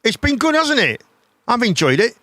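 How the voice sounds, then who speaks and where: A man hosting a live chat show, rambling in a casual, animated way and swearing freely. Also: very high-pitched, normal speed, no echo.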